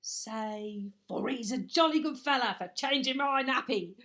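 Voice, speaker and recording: A woman reading a picture book aloud, voicing a rough-spoken, gruff but kindly male burglar with a loud, drawling delivery. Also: on the high side. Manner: slow, loud, drawling dialogue with dropped grammar.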